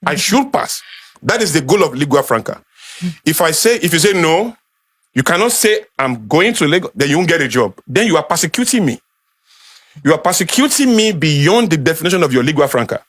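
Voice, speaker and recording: A man's voice: fairly high pitch, sing-song, a little fast, fairly bright tone, breathy edge. A man with a Nigerian accent giving a passionate talk, building his points with rhetorical emphasis. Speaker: speaker. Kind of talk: passionate talk to a small audience.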